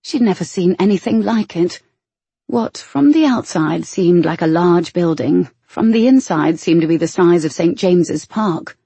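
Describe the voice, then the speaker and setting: A woman reads a novel aloud in a measured, expressive way. Her voice sits low and husky with a mellow, dark color, and the recording is close and dry. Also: no echo. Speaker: audiobook narrator. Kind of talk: scripted narration.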